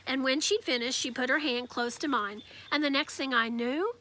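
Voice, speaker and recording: A woman reading a children's novel aloud with lively storytelling. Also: sits high, moderate pace, few pauses, slight background noise. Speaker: reader.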